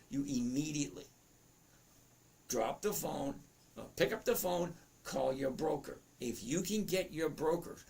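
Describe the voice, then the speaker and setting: A trading educator in his fifties chats through a live trading lesson, reading viewer comments aloud and interrupting himself, his voice cracking. It's a little high, gravelly and darkish in tone.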